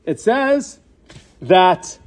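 A Torah teacher with a high-pitched, sing-song, darkish voice lectures very slowly to his class. He asks questions and supplies the answers, drawing Hebrew and Yiddish-style terms into his English.

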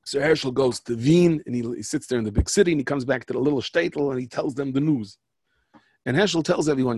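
Man, storyteller, rambling, conversational, raspy, dry sound. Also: medium pitch, fast, a little mellow, dry recording. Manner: rambling, conversational, self-interrupting. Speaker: speaker, storyteller. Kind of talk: storytelling talk with jokes and parables.

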